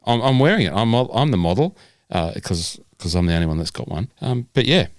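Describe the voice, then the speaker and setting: A man's voice: fairly low pitch, animated, a little fast, dry recording, studio quality. A man co-hosting a casual podcast, joking around and stumbling as he reads questions aloud. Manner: jokey, stumbles and restarts when reading aloud. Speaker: podcast co-host.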